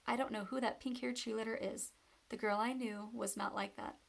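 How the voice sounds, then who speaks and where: A woman's voice: a little high, fairly even intonation, normal speed, vocal fry. A woman voicing an upset teenage girl in a storybook reading, defensive and emotional.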